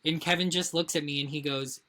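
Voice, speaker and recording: A woman co-hosting a podcast, telling a story in casual chat, animated and heavy on swearing and filler words. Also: low voice, a little fast. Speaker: podcast co-host.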